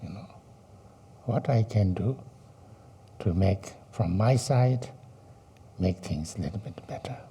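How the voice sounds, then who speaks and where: Man giving a dharma talk, real slow, super dark and husky voice. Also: lowish voice, animated. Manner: slow, halting, many fillers and rhetorical questions. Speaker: Buddhist teacher. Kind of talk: dharma teaching.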